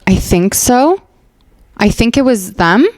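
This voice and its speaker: A woman's voice: a little high, slow, dry recording, clean studio sound. A woman comedian hosting her podcast and telling a rambling, profane comic story, filling her talk with "like" and acting out other people's lines. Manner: profane, rambling, heavy on "like" fillers; acts out other people's lines in animated voices. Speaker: podcast host and stand-up comedian.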